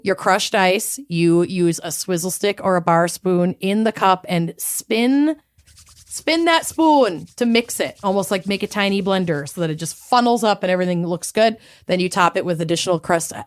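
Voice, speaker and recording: A young adult woman co-hosting a podcast, casual, giggly and swearing, audibly high. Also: normal speed. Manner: giggly, swearing, loose and rambling. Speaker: podcast co-host. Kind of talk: casual chat.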